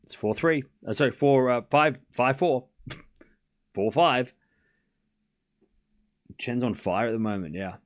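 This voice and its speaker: A man's voice: medium pitch, measured pace, pauses often. A man hosting a live tennis watchalong stream, calling scores and chatting casually with viewers, rambling and laughing often.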